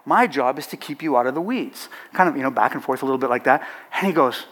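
A man's voice: medium pitch, expressive, brisk, a bit bright. A middle-aged man who leads a chaplaincy organization, telling an anecdote to an audience with playful asides. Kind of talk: storytelling talk to an audience.

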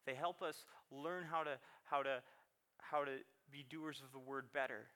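A man's voice: mid-range voice, fairly even intonation, moderate pace, pushed and bright, smooth. A man in his thirties preaching a sermon in a chatty, self-deprecating way, laughing often and repeating words. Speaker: pastor.

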